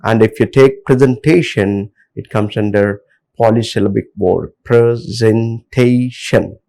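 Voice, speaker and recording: A middle-aged man with an Indian English accent giving a classroom lecture, talking haltingly with many filler pauses. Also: lowish voice, vocal fry, darkish tone, low-quality recording.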